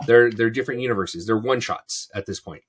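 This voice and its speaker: A man's voice: mid-range voice, a little fast, fairly bright tone, husky. A man co-hosting a podcast in casual, rambling chat, swearing freely. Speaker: podcast co-host.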